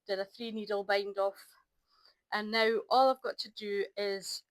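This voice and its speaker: A middle-aged woman, talking casually to camera in a rambling, chatty way with lots of ums and restarts, a little low on energy. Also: steady tone, a little slow, dry recording, poor audio. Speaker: crafting vlogger. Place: at home by an ironing board.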